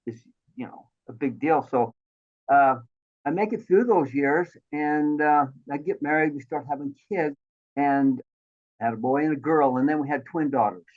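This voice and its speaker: A man in his sixties telling his life story as an interview guest, animated and acting out the voices of the people he quotes. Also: on the high side, moderate pace. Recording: thin phone-like line.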